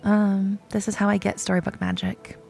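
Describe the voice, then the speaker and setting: A young woman streaming a video game, chatting to her viewers in an excitable, dramatic way, gushing over cute items and groaning at losing them. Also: mid-range voice, moderate pace, gravelly, soft background music. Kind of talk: casual gameplay chat to viewers.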